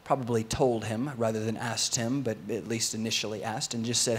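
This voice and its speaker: A man preaching a sermon to his congregation, telling a story with lively energy and sometimes acting out the voices of its characters. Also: lowish voice, a little fast, hardly any pauses, slightly rough. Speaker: pastor.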